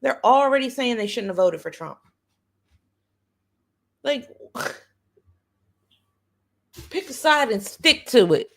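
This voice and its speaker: A woman's voice: a little high, expressive, slow, gravelly, pauses often, fairly bright tone. A woman hosting a livestream and giving blunt, profane, sarcastic political commentary, repeating phrases for emphasis. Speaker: livestream host.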